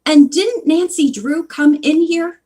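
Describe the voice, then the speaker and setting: Woman doing a shrill shopkeeper's wife, suspicious, high voice, storybook reading. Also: big pitch swings, unhurried. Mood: indignant.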